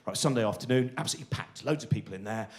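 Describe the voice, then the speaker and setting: A man's voice: fairly low pitch, very fast. A man, telling a rambling, self-deprecating stand-up story live on a theatre stage. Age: 40s. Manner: rambling, self-deprecating, many restarts and asides. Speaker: stand-up comedian.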